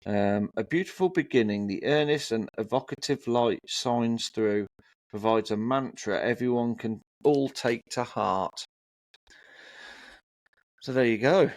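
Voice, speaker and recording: A man's voice: medium pitch, unhurried, no echo. Chatty man reading record blurbs, dry sound. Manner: reads album blurbs aloud with frequent ums and restarts. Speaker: co-host. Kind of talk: casual chat about records.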